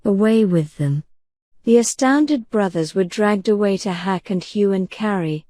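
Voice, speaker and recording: A woman narrating a bedtime storybook in a calm, gentle reading voice. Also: medium pitch, moderate pace, no room sound. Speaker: audiobook narrator.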